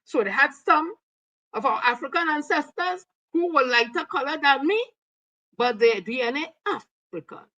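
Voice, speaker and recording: A woman's voice: high-pitched, animated, moderate pace, sharp tone, dull audio. A woman with a Trinidadian accent giving heated, scolding commentary. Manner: combative, scolding. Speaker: online commentator. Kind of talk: heated commentary with read-out quotes.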